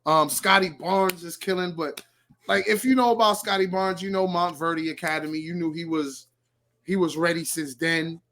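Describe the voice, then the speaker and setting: High, bright-voiced excitable young man. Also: moderate pace, a little hiss or hum. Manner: excitable, jumps to a high squeal for emphasis. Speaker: podcast host. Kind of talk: casual basketball podcast chat.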